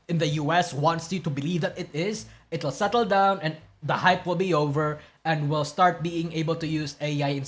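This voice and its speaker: A man's voice: a little high, a bit bright. A man streaming, giving blunt, profane opinions in a rambling way with many restarts. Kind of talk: casual reaction stream commentary.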